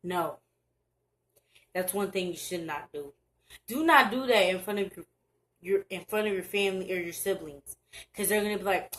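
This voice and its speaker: A young woman talking earnestly to her camera in a casual advice vlog, halting and restarting her sentences. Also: medium pitch, low-quality recording. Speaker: vlogger. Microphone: camera mic, looking down at screen.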